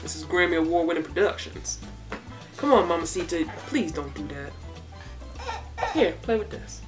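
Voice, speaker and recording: Animated woman vlogger, chatty Q&A. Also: on the low side, moderate pace, far from the mic, soft background music. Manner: chatty, laid-back, talks to her baby between answers. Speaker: beauty and hair vlogger. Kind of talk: casual Q&A vlog.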